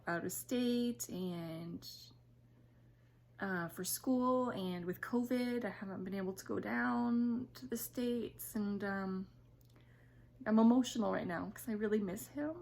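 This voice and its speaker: A woman vlogging casually from her home kitchen, chatty and emotional, sometimes dropping to a soft whisper. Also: mid-range voice. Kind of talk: casual home vlog chat.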